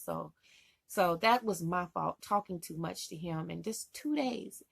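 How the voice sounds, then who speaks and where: Woman vlogger rambling on about her rough time, kinda gravelly voice, dry close sound. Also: medium pitch, lively intonation, normal speed, no room sound. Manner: rambling, emotional retelling. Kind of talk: casual storytelling.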